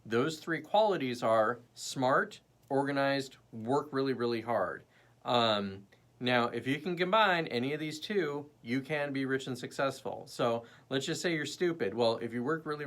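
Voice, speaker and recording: Speaking at a moderate pace in a mid-range voice, a young livestream host rambles casually. His animated talk jumps between subjects and replies to viewers' comments.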